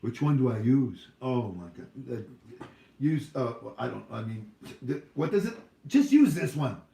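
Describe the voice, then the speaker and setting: A man's voice: mid-range voice, unhurried, vocal fry, mellow, roomy sound. A man hosting a casual livestream Q&A, rambling and joking with frequent laughs. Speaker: livestream host.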